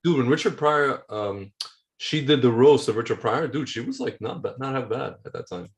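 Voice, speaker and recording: A man's voice: medium pitch, expressive, moderate pace. A man co-hosting a podcast in casual chat, rambling with lots of slang. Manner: rambling, full of slang and restarts. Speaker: podcast co-host.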